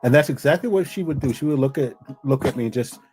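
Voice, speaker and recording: A man's voice: medium pitch, animated, fast, a little mellow, breathy edge, faint music behind. A man chatting as a guest on a casual livestream, joking and repeating his phrases. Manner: jokey storyteller, repeats phrases.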